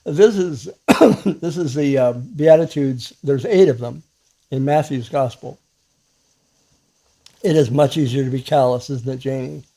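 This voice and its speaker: A man with a mid-range voice gives an informal spiritual talk to camera as a Christian teacher. He pauses and restarts frequently, fills gaps with verbal fillers, and chuckles softly.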